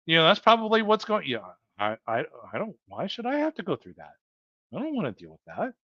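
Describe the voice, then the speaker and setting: A livestream host speaks in a high, sharp voice with huge pitch swings and a slightly fast pace, earnestly and repetitively encouraging viewers he calls "folks" in a heartfelt motivational talk. The sound is dull, lo-fi and dry, with no room sound.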